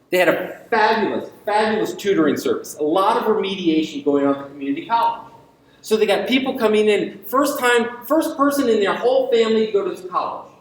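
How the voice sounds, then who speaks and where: A man giving an invited university lecture, talking emphatically with rhetorical questions and ironic asides. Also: high voice. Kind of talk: public lecture. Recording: echoey lecture hall.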